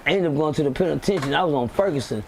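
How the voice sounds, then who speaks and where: A man telling a street story on a live stream, animated and acting out the voices of the people in it. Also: fairly high pitch, rapid-fire, vocal fry, slight background noise. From Texas. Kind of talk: casual storytelling.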